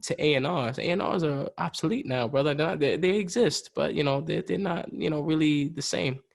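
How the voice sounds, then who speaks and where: A man's voice: fairly high pitch, fairly quick, vocal fry. A middle-aged man, a musician guest on a podcast, chatting casually and telling stories full of fillers and "you know". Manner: rambling storyteller, heavy fillers, frequent "you know". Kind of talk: casual chat.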